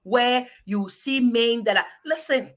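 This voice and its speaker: A woman from Africa, a guest giving animated, emphatic advice in a preachy, exhortative manner. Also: a little high, a little slow.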